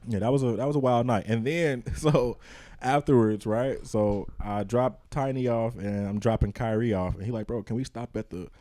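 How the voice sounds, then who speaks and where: A podcast host telling a story in casual chat, swearing freely and acting out the people in it. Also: male voice, mid-range voice, normal speed. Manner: animated storyteller, swears freely, acts out voices.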